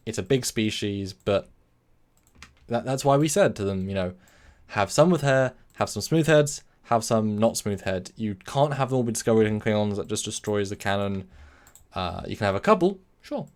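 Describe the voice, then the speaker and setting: A man with a lowish voice and lively intonation talks at a moderate pace while hosting a casual live stream. He rambles, corrects himself, and reads chat messages aloud as he answers them.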